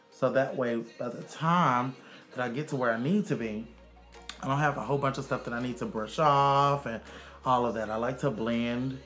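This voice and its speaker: A man's voice: medium pitch, a bit bright. A man, a makeup artist giving a sassy, chatty casual makeup tutorial. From Arkansas, USA. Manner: sassy and chatty, calls viewers honey and child.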